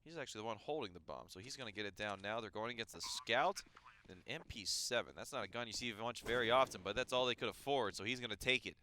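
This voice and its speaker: A man calling live esports play-by-play, excitable and quick, with jokey asides. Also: medium pitch, a little hiss or hum.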